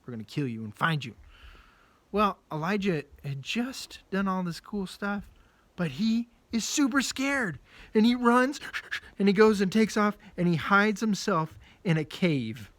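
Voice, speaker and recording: Upbeat male children's pastor, casual and jokey, slightly raised pitch. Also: unhurried, no echo. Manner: lively, casual storytelling with jokes. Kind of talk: children's Bible message.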